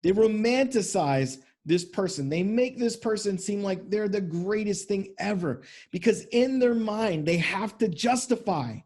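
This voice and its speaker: A man with a notably high voice delivers a motivational talk to men as a relationship coach. He is blunt and profane, and he keeps driving his points home by repeating them. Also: expressive, a little slow, hardly any pauses, mellow. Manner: blunt and profane, with emphatic repetition.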